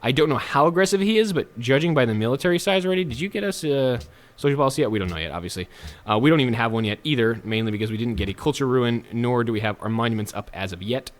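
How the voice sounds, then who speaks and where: A man's voice: medium pitch, animated, fast. A man giving casual, chatty gameplay commentary as a let's play host, with jokes and self-mocking asides.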